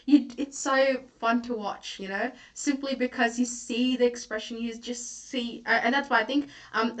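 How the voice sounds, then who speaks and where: A woman's voice: fairly high pitch, distant mic. A young woman tutoring an online literature lecture, chatty, with many fillers and self-corrections.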